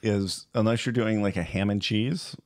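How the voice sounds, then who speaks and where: A man's voice: lowish voice, steady tone, moderate pace, no room sound, clean studio sound. A man co-hosting a casual movie review chat, rambling and hesitant with many fillers and restarts. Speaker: podcast co-host.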